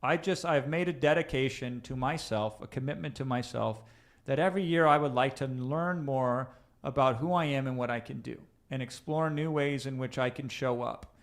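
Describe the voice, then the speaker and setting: A man's voice: mid-range voice, moderate pace. A man hosting a live coaching session, talking casually and straight to his listeners, often checking in with "right?" and restarting his sentences as he thinks aloud. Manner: conversational, addresses listeners directly with tag questions; frequent restarts and fillers while thinking aloud. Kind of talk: live-streamed coaching talk.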